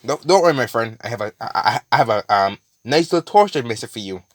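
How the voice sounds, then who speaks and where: A man's voice: medium pitch, animated, fast talker, no echo, natural voice. Guy putting on a sadistic symbiote killer, taunting and gleeful, dry sound. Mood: mocking.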